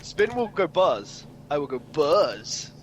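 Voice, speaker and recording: High, lively, teasing male co-host. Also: slow pace, very noisy. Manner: teasing, mock-stern. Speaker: podcast co-host. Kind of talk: casual podcast chat.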